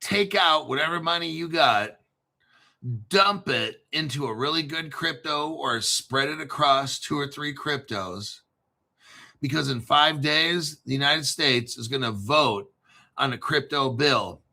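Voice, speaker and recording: Man, crypto channel host, brash profane rant, sarcastic, fairly high pitch. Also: measured pace, vocal fry, sharp tone. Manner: brash, sarcastic, swears a lot. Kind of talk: profane ranting monologue.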